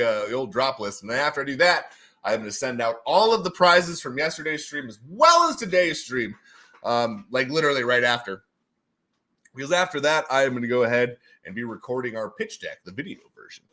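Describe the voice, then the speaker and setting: A man hosting a casual livestream and running giveaways, excitable and goofy, laughing often and slipping into silly voices. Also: medium pitch.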